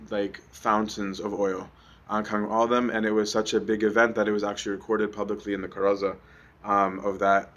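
A man's voice: lowish voice, fairly bright tone. A young adult man giving a conversational sermon, often asking "right?" with many ums. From Egypt. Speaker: preacher.

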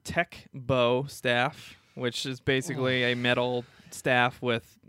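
A man's voice: medium pitch, slow, smooth, no room sound, clean studio sound. Man reading out pop culture news. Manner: relaxed, hesitant, lots of fillers and chuckles. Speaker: podcast co-host presenting news. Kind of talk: casual chat.

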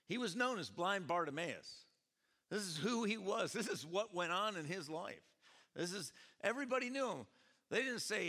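A man pastor preaching a sermon at a church service, animated and questioning his congregation as he tells the story. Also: high voice, normal speed. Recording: echoey church hall.

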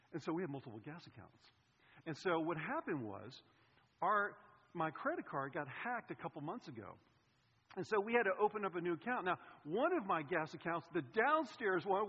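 A male pastor delivers a sermon in a church, telling a personal story with lively swings from loud outbursts to quiet asides. His voice sits a bit high with a husky edge. The sound rings with long hall reverb and comes across dull. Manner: animated, swings between loud and hushed. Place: church sanctuary.

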